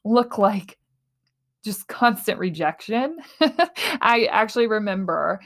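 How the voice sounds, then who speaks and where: Earnest woman hosting a solo podcast. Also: mid-range voice. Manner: earnest, animated, quick to laugh. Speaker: podcast host. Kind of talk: reflective solo podcast talk.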